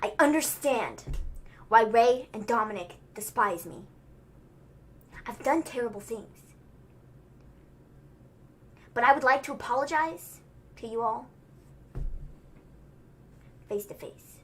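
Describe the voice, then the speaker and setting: A young woman imitating an apologetic male wrestler, speaking in a soft, slow, hushed way without attempting his accent. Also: a little high, lively intonation, a little hiss or hum, voice pushed down. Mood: solemn.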